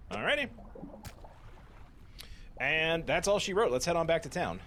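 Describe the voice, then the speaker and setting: Playful, lively man narrating a game. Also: on the high side, normal speed, long pauses, slight background noise. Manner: playful, chatty, meows while fishing. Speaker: let's play host. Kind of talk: casual gameplay commentary.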